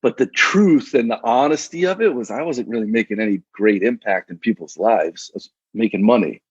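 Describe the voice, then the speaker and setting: A man's voice: fairly low pitch, fairly quick, breathy edge, dry recording, dull audio. A man in his thirties, a coach and guest on a casual podcast, talking in a laid-back, slangy way with frequent restarts.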